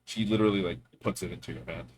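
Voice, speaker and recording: A man's voice: low-pitched, fairly even intonation, rapid-fire, crowd noise. A man narrating as game master of a tabletop game, playful and loose, with lots of fillers.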